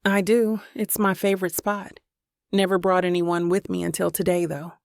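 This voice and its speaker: A woman's voice: fairly low pitch, little pitch movement, moderate pace, creaky, dry recording, studio quality. A woman voicing a confident, wealthy young man who likes to spoil his date, in a romance audiobook. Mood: warm. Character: confident wealthy young businessman, smooth charmer.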